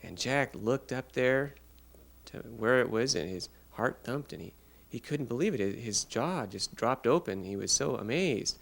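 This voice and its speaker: Guy interpreting a kid's signed story out loud, slow and halting, middle pitch. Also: lively intonation, gravelly. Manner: unhurried, halting narration with pauses. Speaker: sign language interpreter voicing a child.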